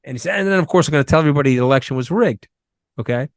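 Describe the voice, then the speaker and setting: A middle-aged New man speaks as an interview guest, somewhat high for a man and full of emphatic, rapid-fire energy. His voice sits close and dry, with no room around it. He tells stories in a lively, punchy way. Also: vocal fry, no echo. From Long Island, New York. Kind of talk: conversational interview.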